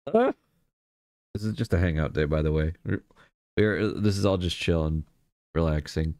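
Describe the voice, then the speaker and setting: A man's voice: low voice, sing-song, moderate pace, darkish tone, no room sound, studio quality. A man streaming live, chatting casually and greeting viewers one by one. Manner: chatty, greets viewers by name, laughs easily.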